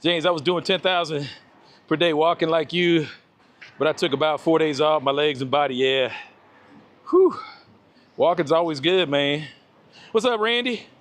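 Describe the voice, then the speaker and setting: A man's voice: on the high side, moderate pace, pauses often. A man walking outdoors on a live stream, chatting casually with viewers and greeting them by name. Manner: laid-back, greets chat viewers by name. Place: outdoors on a walk.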